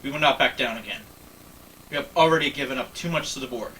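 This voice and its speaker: A man's voice: mid-range voice, fast talker, bright, forceful tone, lightly acted. A man reading as a stern, vengeful older starship captain, grave and building to furious declarations, recorded from a distance with faint background noise.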